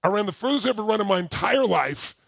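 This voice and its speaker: A middle-aged man giving an animated, emphatic motivational talk to a live audience, rising to near-shouting as he tells a story. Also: high-pitched, quick pace, creaky, no room sound. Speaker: motivational speaker.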